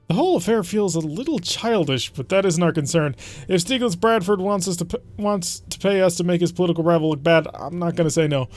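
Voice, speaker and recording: A man's voice: high-pitched, fairly quick, soft background music. A man hosting a let's play, talking through his strategy in a chatty, rambling way with frequent self-corrections. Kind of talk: casual game commentary.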